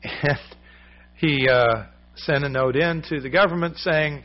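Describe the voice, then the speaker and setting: A man's voice: fairly high pitch, a little slow. Male pastor, conversational sermon delivery, storyteller, slightly muffled recording. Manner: storytelling, acts out quoted voices, conversational. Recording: slightly dull lo-fi sound.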